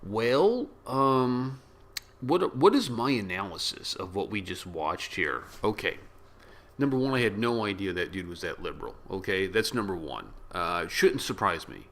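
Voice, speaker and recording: Joking guy doing a reaction vlog, bright voice, super animated delivery. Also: on the low side, a little slow. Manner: joking, excitable, bursts into shouts. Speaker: reaction video host. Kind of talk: casual rambling commentary. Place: small room with yellow walls.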